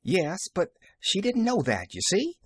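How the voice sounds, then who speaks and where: A man voicing a flustered, excitable young woman servant who exclaims in rustic country speech. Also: a little high, moderate pace, no echo, voice pushed up. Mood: fond.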